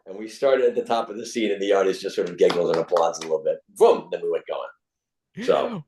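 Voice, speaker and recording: A middle-aged man, a guest actor, telling animated stories and acting out the people in them. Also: low voice, fast, slight background noise. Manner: acts out quoted voices, lively. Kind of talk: animated storytelling.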